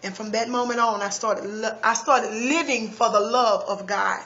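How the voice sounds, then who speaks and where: A woman's voice: a little high, fairly even intonation, moderate pace, a bit bright, lo-fi sound. A woman giving a personal testimony, earnest and emphatic, often restarting her sentences.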